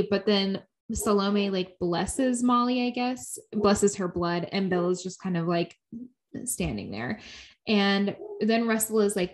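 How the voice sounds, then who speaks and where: A woman co-hosting a podcast, chatting casually while recapping a show, talking quickly and laughing often. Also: mid-range voice. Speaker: podcast co-host.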